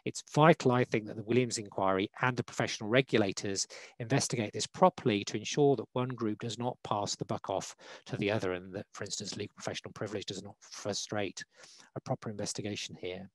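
A man speaking as a law panelist in a formal online talk, measured and hesitant with frequent fillers, on a video call. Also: on the low side, fairly even intonation, no room sound, low-quality recording. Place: online webinar.

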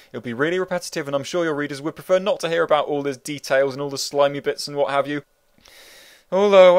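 A man's voice: a little high, no room sound, pitched above the performer's own voice, lightly acted. A man voicing a good-natured, fussy male character who rambles apologetically in an audiobook.

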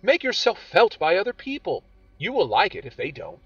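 A man voicing a frank, teasing young woman who questions briskly and speaks in a bright, bossy way. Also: high-pitched, huge pitch swings, husky, no echo, pitched above the performer's own voice, full character voice. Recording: dull audio with faint music.

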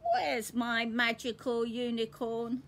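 A woman voicing an eager little girl piglet from a storybook, lifting her voice higher. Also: steady tone, slow pace, fairly bright tone, a little hiss or hum.

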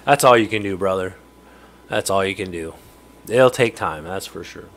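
A man's voice: deep voice, moderate pace, a bit bright, a little hiss or hum. A middle-aged man hosting a casual livestream from his home fishroom, rambling along as he answers viewer chat and chuckles now and then. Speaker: livestream host.

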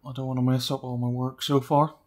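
Man, let's play commentary, chatty, muttering under his breath, mid-pitched voice. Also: flat delivery, quick pace. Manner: chatty, drops to quiet muttering while sneaking. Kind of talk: casual gameplay commentary.

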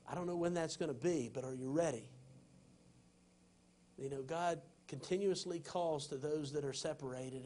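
A man preaching a sermon as pastor, in an impassioned, folksy way that swings between loud urging and hushed tenderness. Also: on the high side, normal speed, a little hiss or hum.

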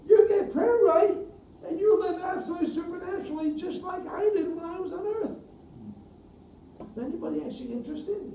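A man preaching a sermon, earnest, often asking the congregation questions and building to loud emphatic peaks. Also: very high-pitched, a little hiss or hum. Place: church hall. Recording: distant roomy mic, dull sound, faint ambience.

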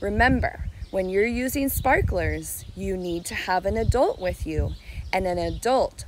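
A preschool teacher woman speaks to small children in a gentle, unhurried sing-song, drawing out each word so they can clap along. Her pitch sits in a middle range. A faint background noise runs under her outdoor recording. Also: lively intonation. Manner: slow, sing-song and encouraging, stretching words to clap syllables. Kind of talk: children's lesson video. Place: outdoors on a summer day.

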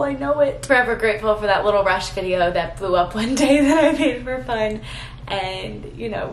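A vlogger in her twenties speaks to the camera in a sentimental, rambling way, close to tears and full of fillers. Her creaky voice is medium-pitched, captured in a low-quality recording in an echoey room with slight background noise.

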